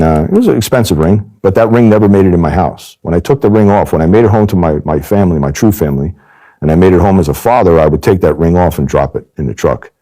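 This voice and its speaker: A man with a low voice tells his story candidly in an interview. He talks fast and hammers points home by repeating them. His tone is dark and mellow. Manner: emphatic, repeats phrases for stress. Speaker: former undercover agent telling his story.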